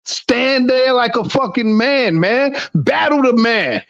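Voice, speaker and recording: A man rants and lectures in a heated panel debate, loud and profane throughout. His voice sits very high for a man. The recording sounds dull and lo-fi. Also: lively intonation, takes it slowly.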